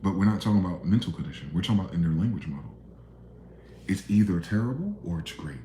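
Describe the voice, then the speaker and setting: Deep-voiced man ranting in an echoey room. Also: lively intonation, quick pace, a little hiss or hum. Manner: blunt, profane, emphatic, swings between loud outbursts and low asides. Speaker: video commentator. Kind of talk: profane ranting monologue.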